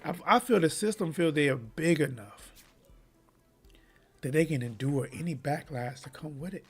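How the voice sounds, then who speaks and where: A man's voice: fairly high pitch, lively intonation, normal speed, husky, soft background music. A man hosting a live sports commentary stream, talking straight to his viewers in a heated, impassioned way. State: choking up. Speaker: sports commentary channel host.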